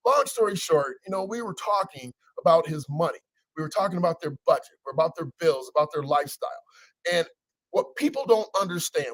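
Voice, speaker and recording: A man hosting a casual motivational talk as a coach, energetic and teasing, with preacher-like repetition. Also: on the high side, no echo, low-quality recording. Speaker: coach and show host.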